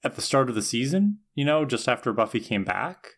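A man's voice: medium pitch, big pitch swings, fairly quick, a bit bright. A man co-hosting a casual podcast, talking thoughtfully with some hesitant restarts. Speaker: podcast co-host. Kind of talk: casual discussion.

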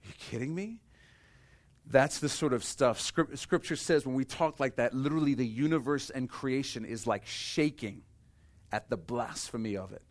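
Male pastor, mid-pitched voice, sermon delivery that drops to a hush and then builds to emphatic bursts. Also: normal speed. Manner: impassioned, swings from hushed to emphatic; rhetorical questions and repetition.

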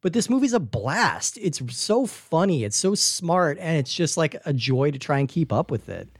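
A man's voice: on the high side, normal speed, no room sound. A man talking casually about a movie on a podcast, rambling with lots of fillers and restarts. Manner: animated, rambling, frequent "like" and restarts. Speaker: podcast co-host. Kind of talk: casual film discussion.

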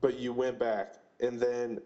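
A young man co-hosts a casual podcast, joking around, laughing often, and spelling out handles. His mid-range voice has a flat, unhurried delivery and a warm tone, with the high frequencies cut off.

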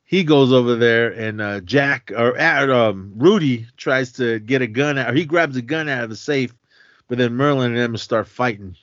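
A man's voice: mid-range voice, moderate pace, fairly bright tone, dry recording. A man co-hosting a podcast, casually retelling a film's plot in a rambling way with lots of fillers and self-corrections. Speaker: podcast co-host. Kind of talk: casual movie recap. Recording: dull, dry lo-fi podcast recording.

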